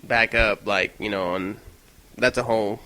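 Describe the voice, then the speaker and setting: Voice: unhurried, poor audio. A podcast co-host chatting casually, throwing in dry, teasing quips. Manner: dry teasing quips, animated swoops in pitch. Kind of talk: casual chat.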